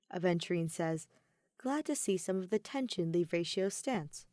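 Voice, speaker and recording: A woman reading a fan fiction story aloud in a steady, measured audiobook narration. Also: fairly low pitch, no echo, studio quality. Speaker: podfic reader.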